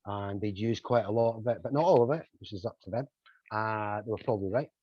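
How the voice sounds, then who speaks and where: An older man, a musician telling animated anecdotes as an interview guest. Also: on the low side, fast, slightly rough, no room sound. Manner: animated anecdotes, acting out quoted voices. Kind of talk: storytelling in a podcast interview. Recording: slightly dull lo-fi audio.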